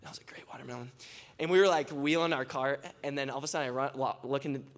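This young man talks fast and fairly evenly, his pitch in the middle range for a man. Delivering a testimony-style sermon to a church crowd, he tells casual, filler-heavy stories packed with "like"s, then builds into a rising, impassioned closing prayer.

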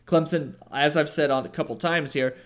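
A man of middle pitch co-hosting a casual sports podcast. He jokes around, trails off, and keeps correcting himself mid-sentence as he talks. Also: moderate pace. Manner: self-correcting, joking, hesitant. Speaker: podcast co-host.

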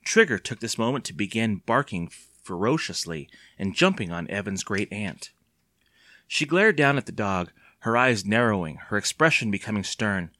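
A man reads a children's story aloud in a lively, expressive way, with a pitch that rises and falls freely. The recording is dry and close, with no room sound. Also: moderate pace, dry recording. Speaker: narrator. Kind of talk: audiobook narration.

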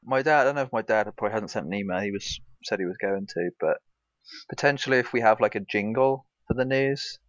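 A man co-hosts a podcast in a laid-back, rambling chat. His voice sits on the low side and moves at a quick pace. The recording is dry and dull, with a lo-fi quality and no room sound.

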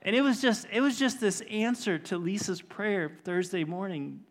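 A man's voice: high-pitched, moderate pace. A middle-aged man preaching a sermon as a pastor, telling a personal story in an earnest way and building to emphatic preaching.

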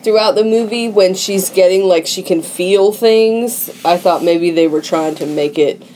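Female co-host, slow and mellow, musing delivery, faint hiss. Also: on the low side, low-quality recording. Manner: thoughtful, musing, trails off. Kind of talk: casual chat.

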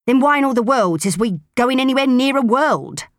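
A woman voicing a rough-spoken, complaining female pirate crewwoman in an audiobook reading. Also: sits high, animated, a little fast, no room sound, clean studio sound, voice pushed up. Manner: coarse, complaining, ungrammatical.

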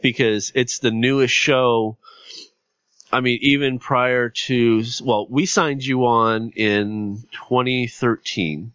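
A man hosting a podcast interview, talking plainly and a bit haltingly. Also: mid-range voice, steady tone, a bit bright, clear, resonant tone, no echo, lo-fi sound. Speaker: podcast network host.

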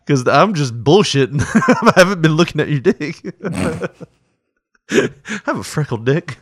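A man's voice: a little high, expressive, measured pace, no echo, clean studio sound. A man co-hosting a casual podcast, joking crudely, laughing often and rambling through his stories. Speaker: podcast co-host.

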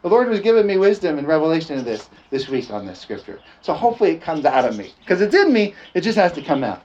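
A male preacher delivering a sermon in church, animated, often chuckling and calling out "amen?" to the congregation. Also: on the high side, fast talker, muffled recording. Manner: animated, chuckling, frequent call-and-response "amen?". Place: church service, also streamed online.

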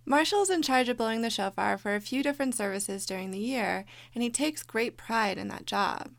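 A woman's voice: on the high side, lively intonation, moderate pace, creaky, dry recording. A woman co-hosting a podcast, narrating a documentary story in a descriptive, storytelling way. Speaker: podcast co-host.

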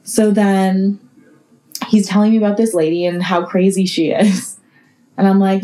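A woman's voice: mid-range voice, unhurried, pauses often, poor audio. Profane, chatty young woman storyteller. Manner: profane, animated, filler-heavy. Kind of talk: casual chat storytelling.

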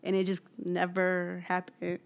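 A woman co-hosting a casual music chat, telling stories with animated laughs. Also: fairly low pitch, unhurried, vocal fry. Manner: animated storytelling with loud laughs. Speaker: podcast co-host.

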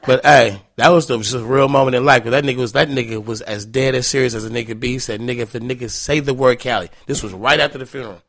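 A man's voice: medium pitch, fairly even intonation, quick pace, few pauses, fairly bright tone, dry recording. A man guest telling casual, profane stories with frequent laughs. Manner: loose, profane, laughing anecdotes. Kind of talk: casual storytelling.

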